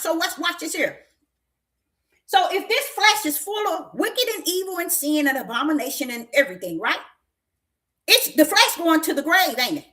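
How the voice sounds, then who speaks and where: A woman's voice: extremely high pitch, lively intonation, normal speed, a bit bright. A woman preaching a sermon as a prophetess, folksy and emphatic, who keeps asking her listeners questions and sometimes breaks into laughter.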